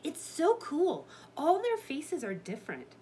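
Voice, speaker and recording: Woman doing a high eager young girl. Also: a little slow, a little hiss or hum, full character voice. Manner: excited, insistent.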